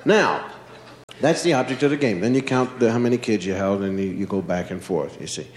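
A fairly low-voiced man from Philadelphia, USA, performs stand-up, telling a long story from his childhood at a brisk clip and acting out each character as an animated storyteller. The room is echoey, with slight background noise.

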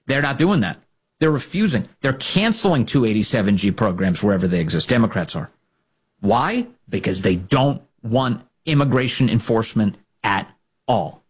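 A man's voice: big pitch swings, normal speed, husky. A man hosting a political talk show, speaking in a sarcastic, opinionated way and often mocking his opponents. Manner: sarcastic, mocks opponents in high put-on voices.

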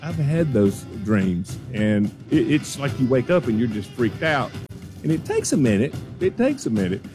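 A man's voice: mid-range voice, moderate pace, over music. A man, hosting a morning radio show and telling a story in casual chat. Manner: animated, acts out quoted voices.

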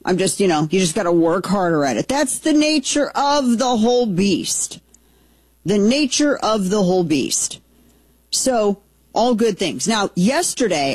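A woman's voice: deep voice, darkish tone, husky, dry recording. A woman hosting casual political commentary, opinionated and chatty, thinking aloud as she goes.

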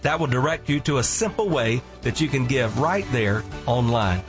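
A man's voice: mid-range voice, animated, moderate pace, music in the background. A man who is a lead pastor, reading a radio ministry announcement that appeals for donations.

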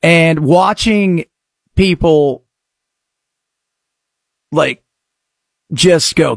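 Middle-aged male radio host, high and lively, sarcastic, dry booth sound. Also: measured pace, long pauses, no room sound. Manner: sarcastic, animated, swings between mutters and outbursts. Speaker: radio talk-show host. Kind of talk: opinionated talk radio monologue.

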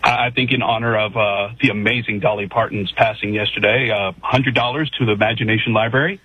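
A man's voice: lowish voice, steady tone, fairly quick, slightly rough, phone-quality sound. Earnest man calling into sports radio. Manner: earnest, stumbling restarts. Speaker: caller.

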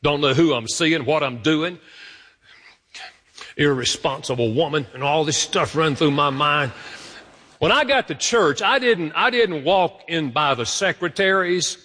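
A man preaching a sermon as pastor, animated, swinging between loud stressed lines and slow soft asides. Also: fairly high pitch, big-room sound.

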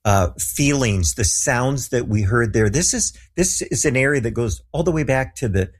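A middle-aged man with a husky, slightly breathy voice recounts a story in a relaxed interview. He talks in an animated way and slips into the voices of the people he quotes. His pitch sits in an ordinary middle range. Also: normal speed. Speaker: guest telling a story.

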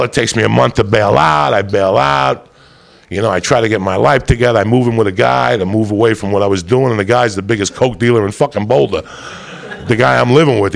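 A man's voice: mid-range voice, fairly bright tone. A man telling a rambling, profane comic story, often laughing as he goes. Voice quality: gravelly.

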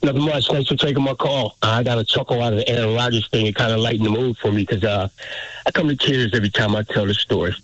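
A man's voice: mid-range voice, fairly even intonation, quick pace, fairly bright tone, no room sound. A man in his fifties calling in to a radio show, telling an earnest, emotional story. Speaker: caller. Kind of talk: call-in story. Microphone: phone line. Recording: muffled phone-in line.

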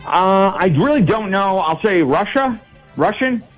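A man's voice: sits high, animated, unhurried, faint music behind, poor audio. A man calling in to play a radio game show, easygoing and upbeat. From western New York. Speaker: caller. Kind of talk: call-in game show contestant.

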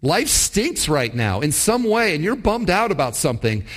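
A man's voice: a little high, big pitch swings, moderate pace, fairly bright tone. A pastor, a man, preaching a sermon to his church, asking the congregation rhetorical questions and acting out quotes. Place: church service.

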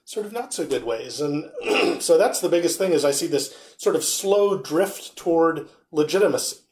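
A man's voice: fairly high pitch, animated, moderate pace, a little mellow. A man in casual conversation, telling anecdotes in a wry way. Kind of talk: casual chat.

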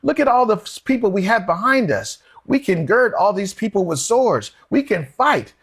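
A man acting out an impulsive disciple who pleads in a high, lively voice that leaps up and down. The voice is husky and pushes forward with urgency, as though trying to talk someone out of a plan. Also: normal speed, exaggerated voice. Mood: urgent, protesting. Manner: excited, pleading, rising pitch.

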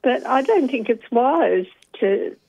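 Older woman caller, hesitant and thoughtful, slightly high voice over a dull phone line. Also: lively intonation, slow pace, creaky, a little mellow. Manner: thoughtful, hesitant, frequent ums. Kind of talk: talkback radio call.

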